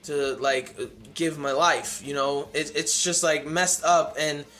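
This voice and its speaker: A man's voice: on the high side, fairly even intonation, unhurried, fairly bright tone, soft background music. A man casually reviewing a comic chapter on his channel, rambling with lots of fillers and restarts.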